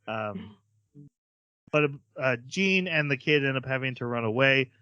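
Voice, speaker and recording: A man's voice: mid-range voice, expressive, measured pace, pushed and bright, clean tone, no room sound, muffled recording. A man hosting a podcast, casually recapping an episode in a chatty way with many fillers. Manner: chatty, hesitant with fillers, acts out quotes. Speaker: podcast host.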